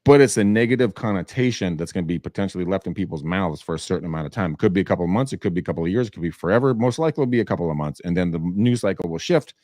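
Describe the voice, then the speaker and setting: A man hosting a casual podcast, telling stories with lively acted-out quotes and casual swearing. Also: sits low, rapid-fire, few pauses, dry recording, studio quality. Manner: animated storytelling, acts out quoted voices, casual swearing. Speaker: podcast host, real estate agent.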